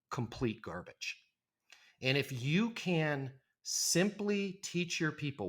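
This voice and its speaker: A man's voice: medium pitch, fairly bright tone. Emphatic middle-aged man coaching on sales. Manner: emphatic, acts out phone greetings in quoted voices. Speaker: leasing trainer, podcast guest. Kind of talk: energetic podcast interview talk.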